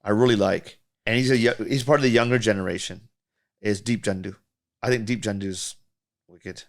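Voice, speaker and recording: A music producer with a voice on the low side chats casually on a podcast at a moderate pace. He tells studio stories in a loose, storytelling way and gets animated when imitating others.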